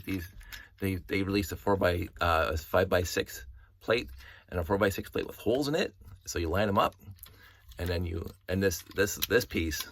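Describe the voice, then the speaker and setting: A middle-aged man excitedly showing toy pieces from his collection, talking in a rambling way with many restarts and tangents. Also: sits low, slight background noise. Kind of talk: casual show-and-tell vlog.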